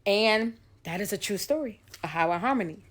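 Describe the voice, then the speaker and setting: A woman's voice: medium pitch, lively intonation, fairly quick. A woman singer telling a story to her viewers in a casual, chatty way, acting out the voices of the people in it.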